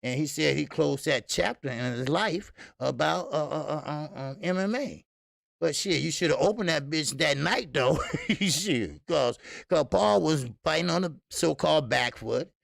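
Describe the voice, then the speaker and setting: A man's voice: a little high, animated, unhurried, gravelly, fairly bright tone, no echo, clean studio sound. A man hosting a live boxing stream, greeting viewers and ranting casually with lots of fillers and profanity. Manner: loose, profane, rambling with many fillers. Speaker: boxing channel host.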